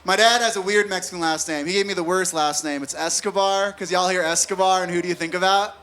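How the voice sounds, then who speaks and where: High, bright-voiced man doing stand-up. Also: fairly even intonation, a little hiss or hum. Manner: conversational, quick jokes told to a live crowd. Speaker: stand-up comedian. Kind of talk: stand-up comedy set. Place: comedy venue stage with a live audience.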